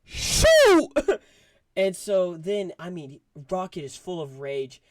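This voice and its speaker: A man giving a casual movie review, rambling and excitable, full of fillers. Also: sits high, unhurried, no echo.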